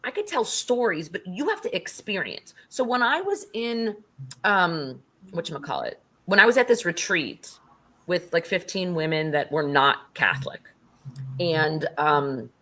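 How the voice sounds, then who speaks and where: A middle-aged woman tells a personal story as an interview guest, in a fairly low voice with big, lively swings in pitch. She talks casually, swears easily and acts out what other people said. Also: unhurried.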